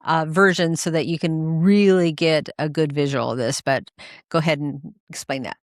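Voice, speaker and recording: A woman with a fairly low voice hosts a conversational podcast. She tells anecdotes expressively and acts out the lines of other people. Her voice sounds close and dry, with no room around it. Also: moderate pace, dry recording. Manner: expressive storyteller, acts out quoted dialogue. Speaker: podcast host. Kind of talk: conversational interview.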